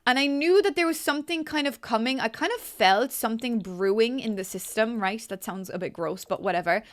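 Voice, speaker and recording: A young woman with a slightly high voice talks through her game build in a loose, chatty way. She gushes and bubbles, piling on filler words as she goes. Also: a little fast. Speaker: game building content creator. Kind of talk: casual gameplay commentary.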